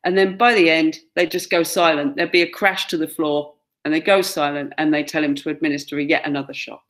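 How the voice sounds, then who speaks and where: A woman's voice: low-pitched, flat delivery, a little fast, fairly bright tone. A woman gives a classroom lecture, pointing out pictures and acting out quoted lines. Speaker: teacher.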